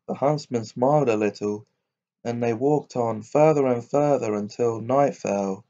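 A man reads an old fairy tale aloud, steady and unhurried, in a mellow, dark voice. The recording sounds dull and lo-fi, as if made at home. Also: mid-range voice. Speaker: storyteller.

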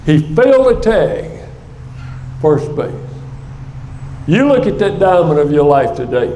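An older man preaching a sermon in a church, telling a story with animated energy. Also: fairly high pitch, measured pace, a little hiss or hum. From United States. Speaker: guest speaker. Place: church sanctuary. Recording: echoey church sanctuary.

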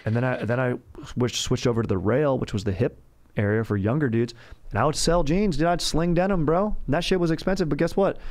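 A man's voice: medium pitch, a little fast, a little mellow. A man hosting a comedic podcast monologue in a rambling, boastful bro manner, calling everyone dude and bro. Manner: rambling, boastful salesman banter. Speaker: podcast host.

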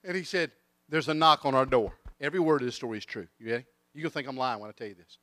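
Lively, bright-voiced preacher. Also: male voice, mid-range voice, very fast, dry recording. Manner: animated storyteller, acts out voices. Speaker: guest preacher. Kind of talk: sermon with comic storytelling. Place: church.

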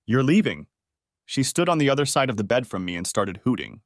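Male audiobook narrator, mid-range voice, steady first-person storytelling. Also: medium pitch, fast, no room sound, studio quality.

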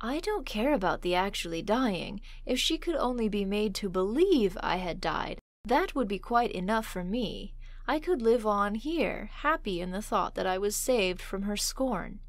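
A woman's voice: mid-range voice, lively intonation, a little slow, no room sound, close to an everyday voice. A woman voicing a petulant, timid young male suitor in a storybook reading, pleading and fussy.

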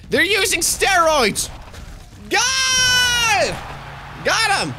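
A young man commentating gameplay, excitable, cursing freely and swinging between shouts and mutters. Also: very high-pitched, takes it slowly, slight background noise. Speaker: gaming YouTuber.

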